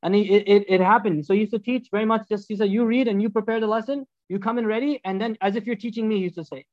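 A man giving a storytelling sermon as a religious teacher, animated and acting out the dialogues. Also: high-pitched, fast, no echo, dull audio.

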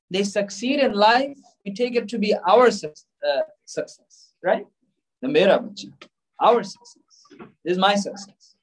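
Emphatic high-voiced male preacher. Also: poor audio. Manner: emphatic, rhetorical questions, mixes in Urdu and Arabic phrases. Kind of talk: sermon.

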